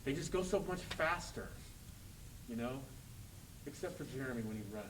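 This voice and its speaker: A man's voice: medium pitch, expressive, moderate pace, heavy background noise. Middle-aged male clinician, direct rehearsal coaching with light joking. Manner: direct, joking, talks through examples. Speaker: conducting clinician.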